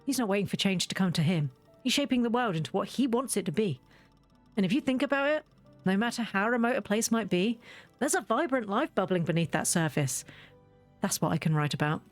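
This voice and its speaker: A woman's voice: mid-range voice, animated, brisk, faint music behind, close to an everyday voice. Woman reading as an earnest young journalist.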